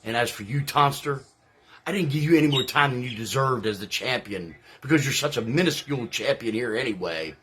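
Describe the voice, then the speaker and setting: A man acting as a salty veteran wrestler cutting a trash-talk promo, brash and contemptuous. His voice is husky and breathy, and he swears freely as he taunts his rivals. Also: medium pitch, lively intonation, brisk, sharp tone. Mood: scornful.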